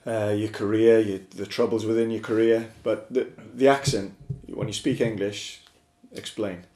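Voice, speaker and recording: North Welsh host with a Scouse touch. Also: male voice, on the low side, steady tone, moderate pace. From North Wales. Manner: conversational, gently probing questions. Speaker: podcast host. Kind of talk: friendly interview chat. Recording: roomy echo with faint music.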